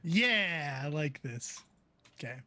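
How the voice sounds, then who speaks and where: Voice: mid-range voice, lively intonation, normal speed, husky. A player in a tabletop game, describing actions and laughing often.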